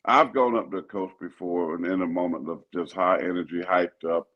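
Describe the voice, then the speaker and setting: An older man, a pastor and co-host, talking sports in an animated, preachy way that repeats itself. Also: low voice, fairly quick, lo-fi sound. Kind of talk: casual sports talk.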